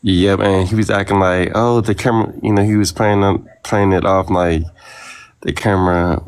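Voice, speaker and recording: A man on a livestream, telling gossip in a slow, meandering way. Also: low-pitched, little pitch movement.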